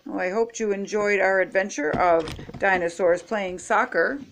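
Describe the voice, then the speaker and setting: A woman's voice: mid-range voice, slight background noise. An older woman reading picture books aloud expressively, stopping to chat with young viewers. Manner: slow, expressive, chatty asides to young viewers. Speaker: storybook reader.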